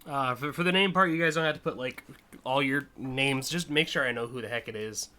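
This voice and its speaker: An American streamer, young and male, runs a community car contest with chatty, meandering commentary. He speaks in a bright, forward mid-pitched voice, with frequent "uh" and "like" and quick laughs.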